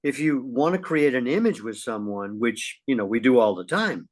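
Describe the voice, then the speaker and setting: A middle-aged man co-hosting a casual talk show, folksy and lively, often clearing his throat. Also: medium pitch, normal speed, few pauses. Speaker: podcast co-host. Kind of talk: casual conversational chat.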